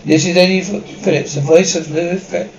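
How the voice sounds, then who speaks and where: Give me a brash 1960s radio DJ, booming patter, recorded from a distance. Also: male voice, fairly even intonation, fairly quick, dull audio, a little hiss or hum. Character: brash small-town male radio disc jockey. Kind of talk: 1960s TV drama acting.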